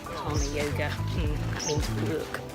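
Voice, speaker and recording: A woman's voice: low-pitched, level tone, a little slow, over loud music. A woman travel vlogger chatting casually outdoors, thinking aloud with frequent ums. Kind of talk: casual travel vlog commentary.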